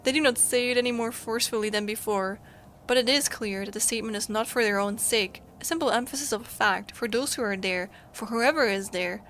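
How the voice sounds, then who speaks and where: A woman from Germany, a streamer reading a story game aloud with expressive, emotional storytelling. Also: on the high side, a little fast, slight background noise.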